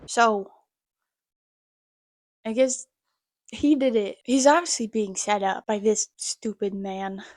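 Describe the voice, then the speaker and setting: A woman's voice: medium pitch, steady tone, takes it slowly, pauses often, darkish tone, dry recording, clean studio sound. A woman giving joking, sarcastic commentary on an old game. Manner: sarcastic, jokey. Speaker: gaming video host.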